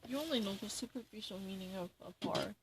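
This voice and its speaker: A woman's voice: medium pitch, quick pace, heavy background noise. A woman reading dictionary definitions aloud and arguing over them with herself, grumbling and indignant.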